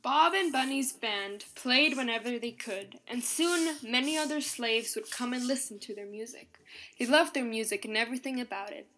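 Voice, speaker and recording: A woman narrating a scripted podcast in an even, explanatory tone, reading from a script and counting out beats aloud. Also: on the high side, normal speed.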